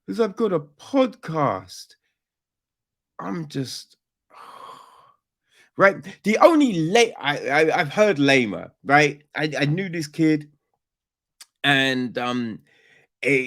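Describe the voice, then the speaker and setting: A man hosting a podcast, ranting casually about a film in a profane, rambling way with lots of slang and restarts. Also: a little high. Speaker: podcast host. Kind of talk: casual film review rant.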